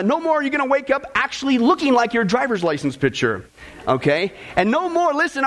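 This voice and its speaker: A male pastor preaching a sermon to a congregation in an animated, joking way, laughing at his own jokes. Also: very high-pitched. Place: church with congregation.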